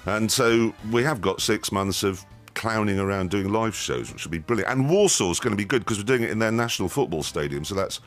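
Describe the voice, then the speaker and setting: A man's voice: on the low side, brisk, hardly any pauses, faint music behind. A man in his fifties from Yorkshire, chatting as a radio guest in a jokey, rambling, self-deprecating way. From Yorkshire, England. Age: 50s. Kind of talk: casual radio chat.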